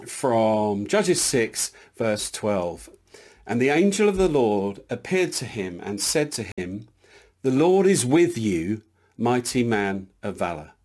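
A man preaching a sermon in an earnest, emphatic way, reading scripture aloud with some small hesitations. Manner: earnest, emphatic, builds in lifts of pitch.

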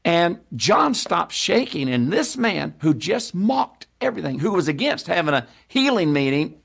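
A man preaching a sermon, telling a story with animated delivery and acting out the voices of people in it. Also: sits high, moderate pace, creaky, breathy edge.

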